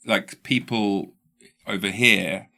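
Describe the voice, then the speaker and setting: This podcast host's voice is fairly low and creaky, and he talks slowly. He has an English accent and chats in a casual, rambling way, often starting sentences over and becoming animated when quoting.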